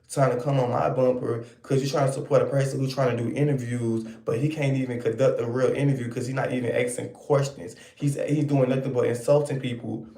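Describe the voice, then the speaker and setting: Sassy man ranting with a gravelly voice. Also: medium pitch, warm tone, reverberant. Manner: sassy, scolding, repetitive. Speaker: online commentator. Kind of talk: ranting commentary to viewers.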